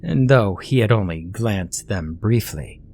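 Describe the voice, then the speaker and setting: A man reading a horror story aloud as scripted narration, steady and measured. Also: on the low side, faint music behind.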